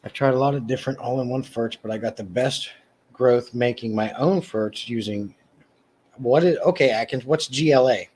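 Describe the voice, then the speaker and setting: A man's voice: a little mellow, husky. A man hosting a casual livestream, answering viewers' comments by name in a rambling way with frequent restarts. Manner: mock sales pitch, slow and emphatic. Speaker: livestream host. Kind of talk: casual live chat reading comments.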